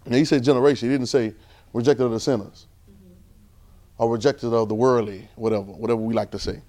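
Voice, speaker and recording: A man preaching an informal, conversational sermon, repeating phrases and swinging between loud and soft. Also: medium pitch, steady tone, fast.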